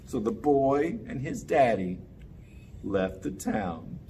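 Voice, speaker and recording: A man telling a children's story in a playful, animated way, inviting the kids to join in. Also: medium pitch, takes it slowly, soft background music. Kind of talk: interactive children's story time.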